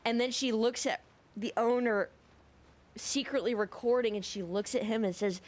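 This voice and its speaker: A woman's voice: medium pitch, moderate pace. Profane rambling woman gamer storyteller. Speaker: gaming video creator. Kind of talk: casual storytelling over gameplay.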